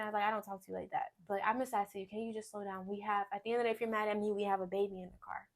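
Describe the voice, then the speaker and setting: A young woman giving a personal testimony in conversation, earnest and storytelling, often dropping to a quiet voice. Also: fairly even intonation, racing, few pauses. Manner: earnest, storytelling, drops to quiet low voice when recounting. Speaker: guest sharing testimony.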